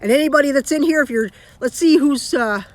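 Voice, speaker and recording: A woman's voice: sits high, brisk. Chatty Canadian woman live-streaming by phone. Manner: rambling, chatty, with frequent restarts. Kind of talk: casual live-stream chat.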